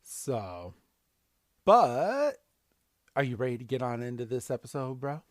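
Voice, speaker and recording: A man's voice: medium pitch, a little slow. A man hosting a podcast, recapping a cartoon episode casually and acting out scenes. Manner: animated, acts out scenes. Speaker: podcast host.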